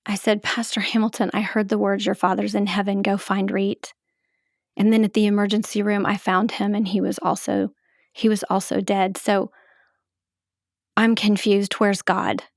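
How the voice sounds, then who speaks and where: A middle-aged woman telling her own story as a podcast host, in a measured, halting, emotional way. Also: mid-range voice, flat delivery, no room sound, studio quality. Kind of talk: reflective personal storytelling.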